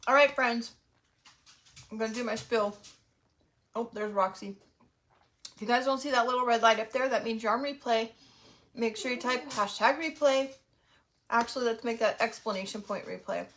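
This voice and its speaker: A woman's voice: fairly high pitch, normal speed, long pauses, a bit bright. A middle-aged woman hosting a craft livestream, chatting casually and greeting viewers while snacking. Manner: chatty and friendly, talks while eating.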